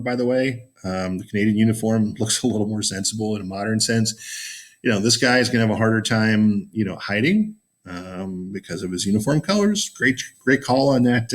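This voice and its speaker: A man with a somewhat low voice talks through a history lesson in a loose, chatty way. He fills pauses with "um" and "you know" and slips in dry, sarcastic remarks. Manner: chatty and informal, many fillers, sarcastic asides. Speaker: teacher. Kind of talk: casual classroom lecture.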